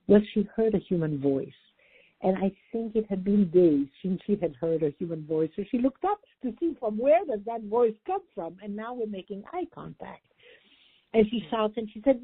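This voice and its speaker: An older woman therapist telling a story as a radio interview guest, animated and warm. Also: mid-range voice, moderate pace, breathy edge, no room sound. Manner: warm, animated storytelling, acting out quoted voices. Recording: dry, phone-like radio line.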